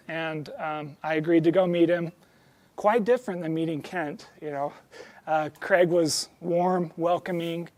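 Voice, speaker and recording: A man's voice: high voice, a little mellow. A young man telling personal stories as a guest speaker, earnest and heartfelt, with many ums and restarts. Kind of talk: storytelling talk to an audience.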